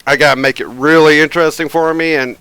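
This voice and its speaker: A man hosts a live tabletop game stream in a casual, rambling way, laughing now and then and leaning on fillers. His voice is bright and smooth, a little high for a man, and sits dry and close with no room around it. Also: steady tone, fast talker, no room sound. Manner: rambling, chuckles often, many fillers. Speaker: game master and stream host.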